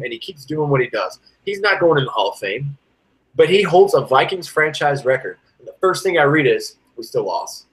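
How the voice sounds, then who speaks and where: Male podcast co-host, slightly high voice, animated ranting fan talk. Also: poor audio. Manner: animated, ranting, swings from loud to low. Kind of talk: casual sports podcast chat.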